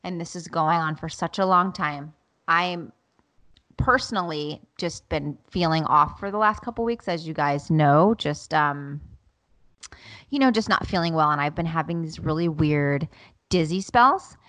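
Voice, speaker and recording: A woman's voice: sits low, a little slow, no echo. A woman in her thirties, a podcast co-host, chatting casually and acting out her children's voices as she tells stories. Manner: animated storytelling, acts out her kids' voices. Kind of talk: casual chat.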